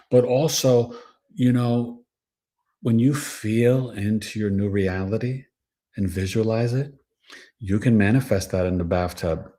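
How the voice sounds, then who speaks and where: A man hosting a casual astrology livestream, giving animated, preachy advice with plenty of slang. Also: lowish voice. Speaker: astrologer and show host.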